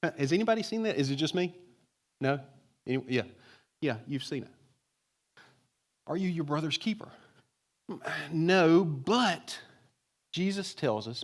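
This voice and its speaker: A man's voice: a little high, very animated, unhurried, long pauses. A man preaching a sermon to a congregation, talking conversationally and asking many rhetorical questions. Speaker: pastor. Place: church with congregation.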